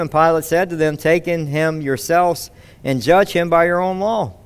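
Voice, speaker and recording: Pastor, sermon delivery, slightly high, smooth clear tone. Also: male voice, a little slow, pauses often. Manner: expository preaching with rhetorical questions.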